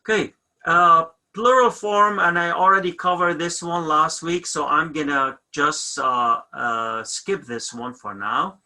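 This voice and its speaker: A man's voice: a little high, unhurried, bright, forceful tone. A man teaching a recorded grammar lesson, explaining step by step and repeating each example word. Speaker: language teacher.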